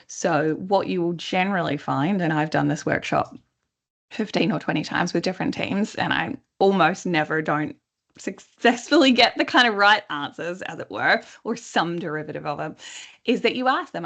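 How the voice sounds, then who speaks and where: Lively woman coach with a lowish voice. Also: moderate pace, vocal fry. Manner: lively, acts out quoted dialogue; conversational, checks in with listeners. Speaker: workplace coach. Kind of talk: webinar teaching.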